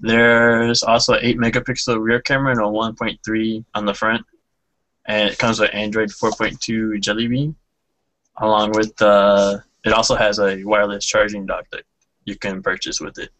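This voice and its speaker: A man's voice: on the low side, little pitch movement, moderate pace, fairly bright tone, no echo, poor audio. A man on a tech podcast panel, reading off specifications in a plain, matter-of-fact way. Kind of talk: listing specs in podcast chat.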